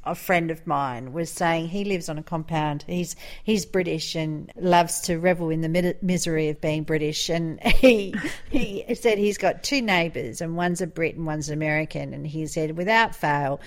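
Middle-aged woman, podcast co-host, lowish voice, lively casual banter with playful mimicry. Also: moderate pace. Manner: animated, laughing, mimics voices. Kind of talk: casual chat.

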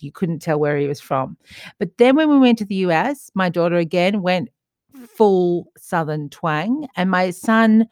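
Middle-aged woman, podcast co-host, chatty and reflective, lowish voice, dry close sound. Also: no echo. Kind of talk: casual chat.

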